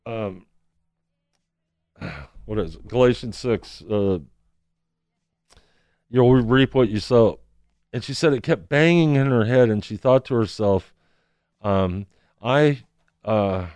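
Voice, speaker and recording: A man's voice: medium pitch, darkish tone, clean tone, no echo, studio quality. A man telling a personal story as a testimony, acting out the people he quotes. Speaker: street counselor.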